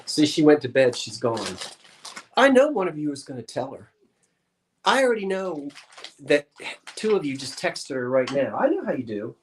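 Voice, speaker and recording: A man's voice: a little high, very animated, moderate pace, a little hiss or hum. A man co-hosting an antiques show, chatting casually and explaining vintage glassware in detail.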